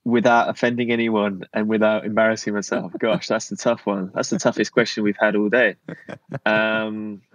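A man's voice: on the low side, level tone, normal speed, no echo, rough recording. A British man from Cornwall, a designer appearing as a podcast guest, chatting casually in a hesitant, self-deprecating way with many fillers. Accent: British English. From Cornwall, England. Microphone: remote call.

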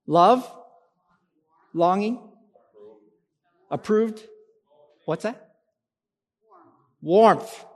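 A male pastor delivers a sermon, drawing answers from the congregation with questions. His voice sits high for a man. It rings out with the long reverb of a church hall. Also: lively intonation, drawn-out words, pauses often, darkish tone. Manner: interactive, asks congregation to call out answers.

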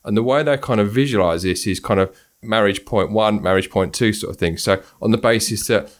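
A man's voice: on the low side, fairly quick. A man hosting an interview podcast, talking thoughtfully with frequent restarts. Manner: thoughtful, hesitant with many restarts. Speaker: podcast host. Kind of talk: conversational interview.

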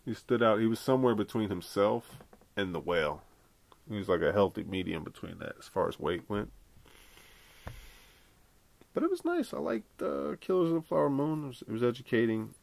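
A man's voice: on the low side, animated, fast, vocal fry. A man hosting a podcast on his own, talking in a loose, rambling way and swearing freely. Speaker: podcast host. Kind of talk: casual solo podcast chat.

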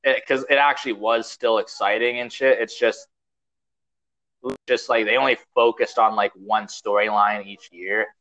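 A man's voice: lowish voice, fairly even intonation, moderate pace, a bit bright, rough recording. A young man hosting a podcast, rambling in casual chat, swearing often and packing his talk with fillers. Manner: rambling, profane, full of fillers. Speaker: podcast host.

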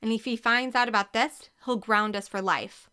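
A woman's voice: a little high, steady tone, normal speed, pushed and bright, smooth. A woman voicing a sporty, wisecracking teenage girl with a dry, glum manner, in a storybook reading. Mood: wry.

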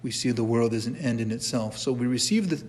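A man's voice: medium pitch, brisk, darkish tone. A middle-aged man teaching a church catechism class in a conversational way, often restarting his sentences and adding asides. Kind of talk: informal church class lecture. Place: church hall. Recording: long echo of a church hall.

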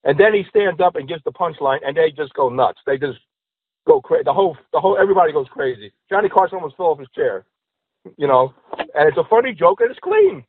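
A man's voice: fairly high pitch, fast, husky, dry recording. A man, a stand-up comedian, telling jokes in a casual podcast chat and acting out the characters in them. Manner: animated storyteller acting out joke characters. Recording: tinny phone-like line.

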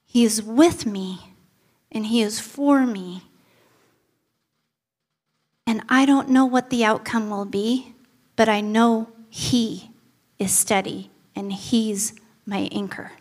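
A woman's voice: on the high side, fairly even intonation, slow pace, pauses often, darkish tone. A woman pastor preaching a sermon, telling personal stories in an earnest way.

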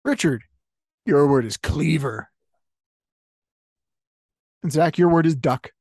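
Brief: male comedy game host, higher-pitched, unhurried, jokey and quick to laugh, dead-dry close mic. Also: a little mellow, breathy edge, no room sound. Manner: jokey, laughs often between lines. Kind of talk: playful improv hosting.

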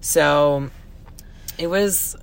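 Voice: medium pitch, extremely slow, gravelly, a little hiss or hum. A young adult co-host gushing casually about a film, with lots of fillers and restarts. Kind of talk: casual movie review chat.

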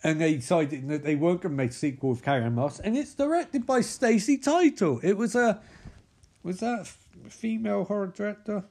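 A man's voice: sits high, sing-song, a little fast, darkish tone. A man recapping a film in a sarcastic, sweary, mocking way, with exasperated sighs. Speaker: film reviewer.

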